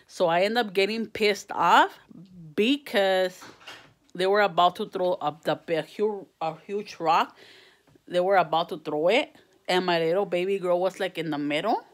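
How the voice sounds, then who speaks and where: Heated woman, lower voice. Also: normal speed. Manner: profane, switches between English and Spanish mid-sentence; heated and exasperated. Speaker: vlogger. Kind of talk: casual venting to camera.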